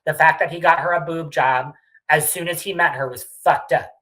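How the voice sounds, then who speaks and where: Low, bright-voiced woman chatting casually. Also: steady tone, normal speed, rough recording. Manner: emphatic, swears freely. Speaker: podcast co-host. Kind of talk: casual chat recapping reality TV.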